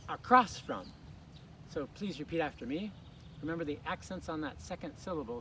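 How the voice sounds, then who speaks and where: A man teaching English, with clear, deliberate repeat-after-me drills. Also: on the high side, animated, fairly bright tone, slight background noise. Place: outdoors in a park.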